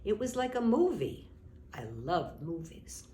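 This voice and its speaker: An older woman from Brooklyn reading her childhood memoir aloud in a gentle, reminiscing way. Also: mid-range voice, very animated, measured pace. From Brooklyn, New York. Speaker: memoir narrator. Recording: roomy echo, faint background noise.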